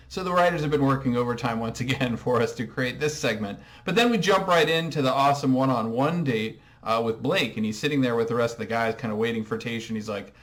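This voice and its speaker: A man's voice: medium pitch, a little fast, hardly any pauses, fairly bright tone. A man hosting a comedic TV recap monologue, talking in a dry, sarcastic way. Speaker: recap host.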